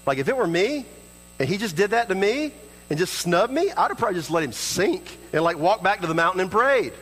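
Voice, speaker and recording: A man's voice: sing-song, brisk, fairly bright tone, big-room sound, rough recording. A man preaching a sermon as pastor, earnest, acting out prayers and dialogue in his own voice. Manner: earnest, acts out prayers and dialogue in shifting pitch.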